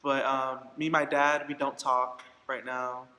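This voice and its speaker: A man's voice: medium pitch, flat delivery, a little slow, pushed and bright. A young man vlogging a candid personal story, acting out quoted dialogue with plenty of fillers. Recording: echoey room with long reverb.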